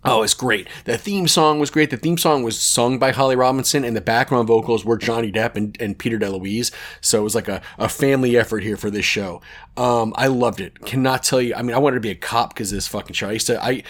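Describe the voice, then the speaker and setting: A man's voice: medium pitch, a little fast. A man in his forties hosting a podcast, telling rambling, enthusiastic stories and swearing casually. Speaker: podcast host.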